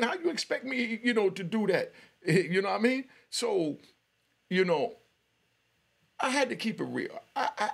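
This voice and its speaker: A man's voice: high voice, gravelly, breathy edge. A middle-aged man hosting a podcast, telling a long personal story and often breaking off with "you know what I mean" and short laughs. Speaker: podcast host. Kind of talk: storytelling monologue.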